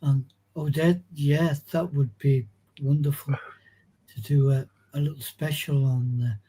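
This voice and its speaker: Polite guy guest on a stream, very dark husky voice. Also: on the high side, steady tone, measured pace, low-quality recording. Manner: courteous, formal greetings. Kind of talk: casual livestream chat.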